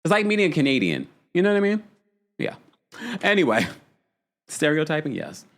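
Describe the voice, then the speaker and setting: A man's voice: a little high, very animated, normal speed, a bit bright. A young man hosting a casual, gossipy reality TV recap, reading out live chat and laughing often. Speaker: podcast host.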